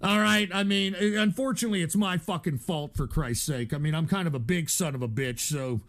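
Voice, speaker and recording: A man's voice: fairly high pitch, brisk, fairly bright tone. Exasperated cursing male streamer. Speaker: livestream host reading donations. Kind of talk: angry livestream rant.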